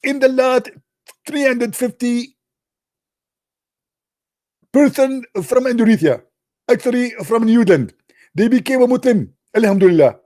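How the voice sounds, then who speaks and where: A man putting on a high, sing-song voice to mock an excited male news reader in a joke. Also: unhurried, pauses often. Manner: exaggerated sing-song announcing.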